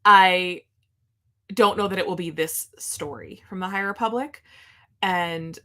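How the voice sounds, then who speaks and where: A woman co-hosting a podcast in casual chat, excitable and gushing, rambling with lots of fillers. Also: fairly low pitch, a little slow. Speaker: podcast co-host.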